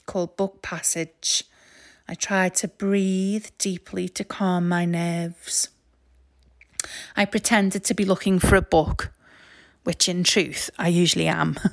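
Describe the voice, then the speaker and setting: A woman with a Liverpool accent, reading her own memoir stories aloud in a wry, self-mocking, expressive way. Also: lowish voice, no room sound, studio quality. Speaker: author and narrator. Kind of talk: memoir storytelling, read aloud.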